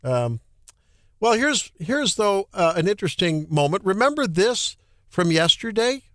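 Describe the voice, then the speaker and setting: Indignant Midwestern talk radio host. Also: male voice, high-pitched, measured pace, dry recording, clean studio sound. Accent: Midwestern American. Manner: animated, indignant, repeats and restarts. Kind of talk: opinionated political talk radio.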